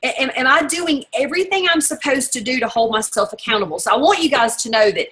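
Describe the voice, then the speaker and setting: Bright-voiced energetic woman speaker. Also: high voice, quick pace, poor audio. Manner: energetic, emphatic, repeating for effect. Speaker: guest speaker on a team call. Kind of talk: motivational talk.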